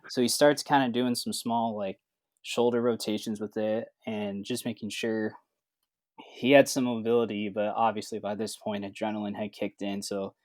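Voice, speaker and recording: Low-voiced man telling a story. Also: moderate pace, dry recording. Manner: relaxed, acts out quoted dialogue with lots of fillers. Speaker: certified athletic trainer. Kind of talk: casual storytelling.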